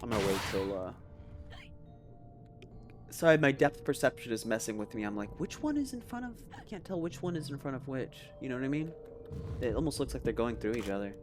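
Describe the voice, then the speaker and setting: Chatty lively-voiced man playing a game. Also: medium pitch, fairly quick, long pauses, over music. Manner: chatty, rambling, self-amused. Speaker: let's play host. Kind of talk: casual gameplay commentary.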